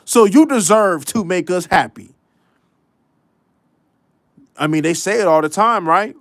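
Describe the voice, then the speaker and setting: A man's voice: high-pitched, lively intonation, moderate pace, long pauses, no echo, studio quality. A man hosting a casual sports commentary show, ranting bluntly and profanely, often repeating his lines for emphasis.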